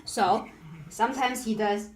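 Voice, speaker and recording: A woman's voice: on the high side, steady tone, a little slow, reverberant. A woman piano teacher explaining patiently and checking in with "right?" after nearly every phrase. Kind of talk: live online piano lesson.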